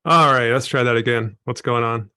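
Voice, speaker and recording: A man calling in to a live session with a question, earnest and a little hesitant. His voice sits at a mid pitch and he often thinks aloud with fillers. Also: moderate pace, bright, forceful tone, smooth. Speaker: caller, student trader. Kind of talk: call-in question.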